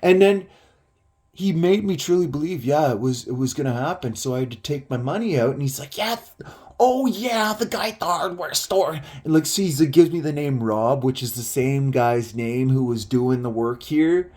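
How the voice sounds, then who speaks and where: A man's voice: medium pitch, normal speed, dark tone. A man telling a personal story in a casual, rambling way, full of filler words and swearing.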